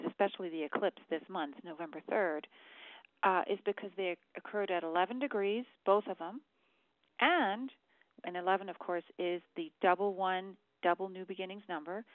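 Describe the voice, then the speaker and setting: A woman's voice: mid-range voice, dry recording. Earnest woman, dry phone-line sound. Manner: earnest, emphatic, repeats key words. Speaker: numerology forecaster. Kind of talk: monthly forecast talk to viewers.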